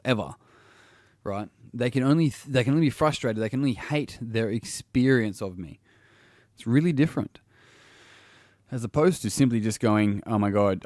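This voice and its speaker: A man's voice: medium pitch, a little mellow, no echo, studio quality. A man hosting a solo podcast and working as a coach, talking casually and bluntly, swearing freely and restarting his sentences often.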